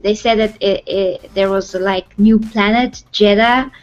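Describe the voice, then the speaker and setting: A woman co-hosting a casual movie chat who speaks haltingly, searching for words between fillers. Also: medium pitch, fairly even intonation. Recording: muffled lo-fi sound with faint music.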